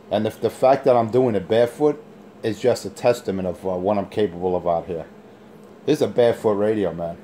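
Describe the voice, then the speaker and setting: A man's voice: fairly low pitch, dark tone, slight background noise. Boastful, taunting man on a radio mic. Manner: boastful, taunting trash talk. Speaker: CB radio operator. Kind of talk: on-air radio banter.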